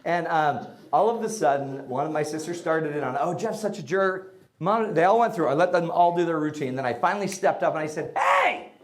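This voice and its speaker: A middle-aged man giving a humorous storytelling talk about parenting to an audience, comic and animated, breaking into shouted bursts. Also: on the high side, fairly quick, few pauses.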